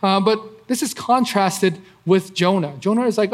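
A man's voice: high-pitched, measured pace. A man preaching and teaching through a Bible passage in a conversational way, with frequent fillers and tag questions like "right?".

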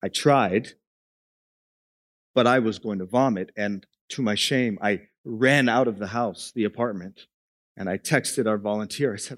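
A man preaching a sermon, moving from quiet storytelling into an impassioned climax. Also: lowish voice, a little slow, no echo. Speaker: pastor.

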